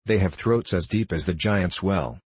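A man's voice: low-pitched, moderate pace, slightly rough, no echo. A man reading the part of a male tavern keeper in an audiobook, confiding and grumbling. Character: wary old-world male tavern keeper.

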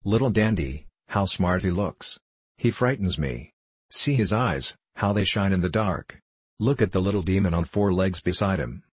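A drunk peasant coach driver, surly and mocking, begging his friends in a wheedling tone, as read by a man narrating an audiobook. The voice sits deep and husky, recorded dry and close with no room sound. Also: moderate pace, no echo. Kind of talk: audiobook character reading.

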